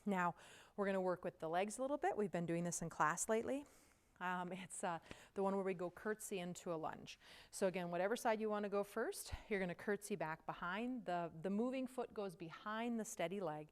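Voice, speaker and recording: A woman's voice: mid-range voice, brisk, clean tone. A woman teaching a yoga class, giving casual, chatty movement cues while out of breath from the exercise. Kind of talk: guided yoga class instruction.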